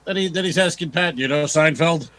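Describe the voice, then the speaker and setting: A man's voice: on the high side, fairly quick, fairly bright tone, poor audio. A man co-hosting a casual comedy podcast, laid-back and chatty, chiming in with short agreements between longer stories. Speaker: podcast co-host.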